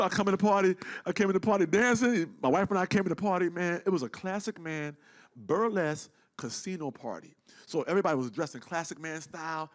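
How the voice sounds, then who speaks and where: A man telling a story in casual talk, animated and profane, acting out the people he quotes. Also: a little high, fairly quick. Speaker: guest.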